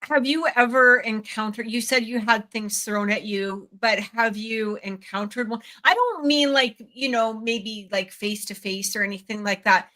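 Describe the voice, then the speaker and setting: A woman hosts an interview in a chatty, giggly manner, her voice still hoarse from a cold. Her tone is bright and somewhat high-pitched. She talks over a video call. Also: a little slow, hardly any pauses. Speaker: podcast host. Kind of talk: casual interview chat.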